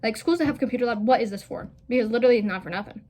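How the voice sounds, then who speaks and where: A woman's voice: on the high side, rapid-fire, darkish tone. Young woman, casual storytime, rambling, filler-heavy, blunt, profane. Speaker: vlogger.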